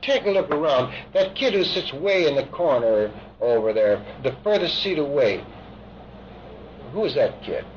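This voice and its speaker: A man guides a patient through hypnotic regression with calm, coaxing questions. His pitch moves a lot and sits a little high. The recording is dull and old, with a steady hiss behind him. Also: normal speed. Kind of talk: hypnotic age regression session.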